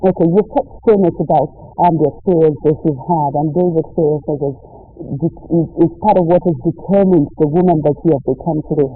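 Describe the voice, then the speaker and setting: A man with a fairly high voice asks his radio guest a long, careful question. He stays distant from the mic. The sound is tinny and narrow, like a phone line. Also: brisk, faint music behind. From Nigeria. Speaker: radio interviewer. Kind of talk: interview questions.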